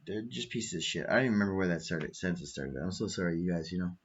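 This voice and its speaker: Low, husky man ranting profanely. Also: animated, quick pace, muffled recording. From Canada. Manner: profane, angry, rambling. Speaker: podcast host. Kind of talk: late-night ranting monologue. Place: small apartment.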